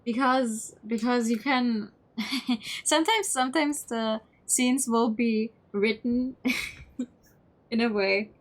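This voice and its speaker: A woman's voice: a little high, slow pace, long pauses. A young woman streaming a horror game. She reads the text aloud and adds sarcastic, giggly commentary, saying "like" a lot. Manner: sarcastic, giggly, says "like" often. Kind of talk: casual let's play commentary.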